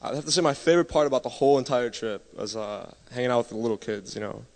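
A man's voice: medium pitch, fast, creaky, a little mellow. Hesitant man testifying in a reverberant hall. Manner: hesitant, many "uh"s, laughs lightly. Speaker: mission trip member giving testimony. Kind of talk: church testimony. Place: church sanctuary.

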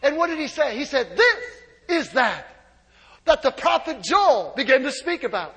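A male pastor preaches in a sanctuary with a strikingly high, bright and forceful voice. He drops to near whispers, then bursts into shouts, and laughs through his own jokes. The sound rings out with a long hall reverb. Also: big pitch swings, moderate pace. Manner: preaching with swings from hushed to shouting; humorous asides and laughter. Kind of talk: sermon. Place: church sanctuary.

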